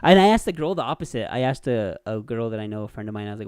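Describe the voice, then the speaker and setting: A man's voice: fairly low pitch, very fast, clean tone, dry recording. A man hosting a podcast, telling crude stories in casual chat, swearing and laughing often. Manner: animated storyteller, laughs a lot, swears. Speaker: podcast host.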